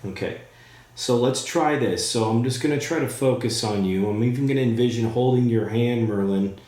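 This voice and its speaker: A man's voice: mid-range voice, normal speed, a little mellow, reverberant. A man working as a psychic medium who speaks to a spirit during a session. He is eager and thinks aloud, with plenty of fillers.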